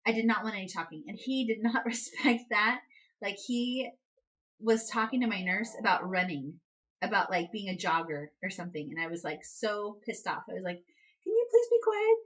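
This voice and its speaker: A woman's voice: normal speed, a bit bright, low-quality recording. A young woman vlogger casually telling a personal story, full of "like" and "um" fillers. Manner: chatty, many "like" and "um" fillers, reenacts quotes with high outbursts. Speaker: vlogger, new mother.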